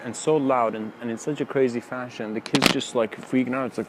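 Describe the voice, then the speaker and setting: A man giving a casual spoken lecture outdoors near train tracks, telling stories in a relaxed, rambling way. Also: mid-range voice, a little fast, background noise. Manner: relaxed, rambling, many fillers. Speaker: spiritual lecturer.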